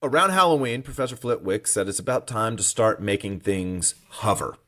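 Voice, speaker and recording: Animated man reading quotes aloud. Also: on the low side, moderate pace. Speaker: podcast co-host. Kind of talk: casual book discussion podcast.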